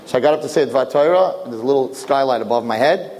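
A male rabbi giving a sermon as a lively story, jumping into voices and joking with his listeners. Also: mid-range voice, fast. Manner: animated, acts out voices, jokes with listeners. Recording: long reverb, faint background noise.

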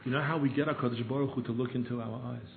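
A man's voice: medium pitch, fairly even intonation, rapid-fire, creaky, slight background noise. Man preaching a parable on a tinny line. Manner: storytelling, swings from hushed to pleading. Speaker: rabbi. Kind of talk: Jewish sermon with parables. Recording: echoey room over a tinny phone-like line.

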